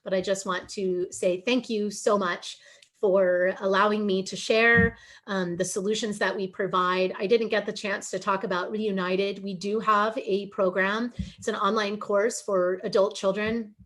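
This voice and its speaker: A woman's voice: medium pitch, steady tone, measured pace, a bit bright. A middle-aged woman giving a webinar presentation over a video call, earnest and emotional, pleading at times.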